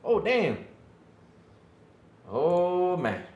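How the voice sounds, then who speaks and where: A man's voice: high-pitched, sing-song, drawn-out words, a little mellow, roomy sound, lo-fi sound. A man hosting a casual livestream, joking with the chat and playing up mock hurt, laughing often. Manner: playful, self-mocking, laughs often, mock-whiny. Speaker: livestream podcast host. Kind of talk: casual live-chat banter.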